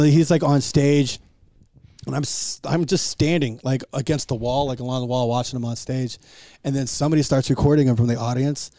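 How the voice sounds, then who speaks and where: A man's voice: mid-range voice, no room sound, studio quality. A man who is a stand-up comedian, telling profane stories in a casual chat and acting out the people in them. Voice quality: profane, animated storyteller who acts out voices. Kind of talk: casual podcast chat among comics.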